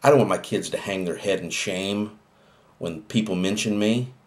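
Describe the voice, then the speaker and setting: An older man with a very deep, low voice speaks earnestly and reflectively about family. His delivery is heartfelt and sincere, like an inspirational talk show host. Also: moderate pace.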